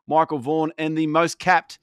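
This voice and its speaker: A man's voice: fairly high pitch, flat delivery, normal speed, fairly bright tone, clear, resonant tone, no room sound, studio quality. A man hosting a podcast, opening the show in a jokey, emphatic way. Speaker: podcast host. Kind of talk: comedic podcast intro.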